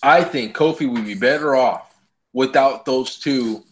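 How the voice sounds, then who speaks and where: A man's voice: mid-range voice, measured pace. A man co-hosting a casual podcast, ranting heatedly with lots of swearing. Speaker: podcast co-host. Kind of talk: casual wrestling chat.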